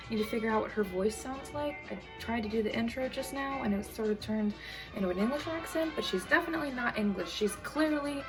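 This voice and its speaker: A woman's voice: on the high side, low-quality recording. A young woman hosting a casual stream, chatting in a playful, self-deprecating way. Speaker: singer and live-stream host.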